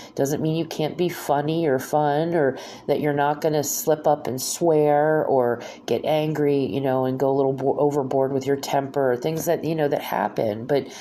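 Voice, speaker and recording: Very low-voiced, rambling middle-aged woman. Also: warm tone, a little hiss or hum. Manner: rambling, heartfelt, many restarts and "you know". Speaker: podcast host. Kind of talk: personal monologue on faith.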